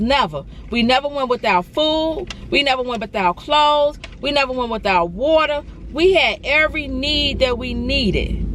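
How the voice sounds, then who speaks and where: A woman with a fairly high voice tells an emotional storytime to her viewers. She sounds earnest and encouraging and keeps repeating her phrases. Faint vehicle noise hums in the background. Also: fairly bright tone. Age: adult. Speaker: vlogger.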